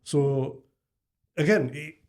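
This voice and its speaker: A man's voice: on the high side, slow, a little mellow. A man in his forties, a podcast co-host telling parenting stories in casual, earnest chat. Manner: earnest, storytelling, laughs easily.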